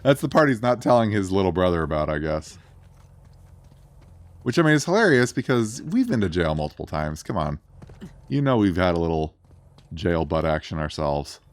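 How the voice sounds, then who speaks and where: A man's voice: sits low, sing-song, normal speed, pauses often, dry recording. A man casually commenting on his gameplay with crude, self-amused jokes. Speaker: let's play streamer.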